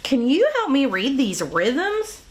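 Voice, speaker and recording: A woman's voice: sits high, huge pitch swings, takes it slowly. A woman teaching an online kindergarten music class from a music room at home, talking to young children in a cheerful, sing-song way with simple songs and counting.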